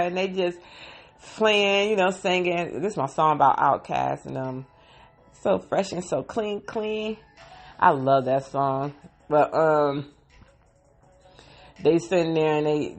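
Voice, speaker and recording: A woman casually recapping a TV episode into a phone, with sighs and heartfelt emotion. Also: sits low. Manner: emotional, sighing, heartfelt retelling.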